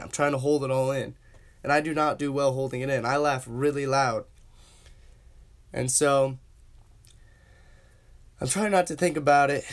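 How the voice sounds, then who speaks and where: A young man casually telling a funny personal story as host of his own podcast, slangy and laughing along. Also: medium pitch. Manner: laid-back, slangy, laughs while telling.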